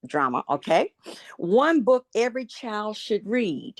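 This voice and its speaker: A middle-aged woman co-hosting a podcast, upbeat, running a quick question round and repeating answers back. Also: mid-range voice, sing-song. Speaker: podcast co-host. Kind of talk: casual interview chat.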